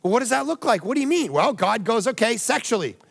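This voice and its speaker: A man preaching a lively sermon as pastor, speaking in a Canadian accent and acting out whiny voices along the way. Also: very high-pitched, quick pace, vocal fry, in a large hall. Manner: animated, acts out whiny voices and jokes.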